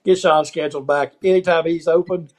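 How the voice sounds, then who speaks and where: A man's voice: fairly high pitch, steady tone, fairly quick. Chuckling older male co-host. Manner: chuckling, playful teasing. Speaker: podcast co-host. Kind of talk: casual sports talk.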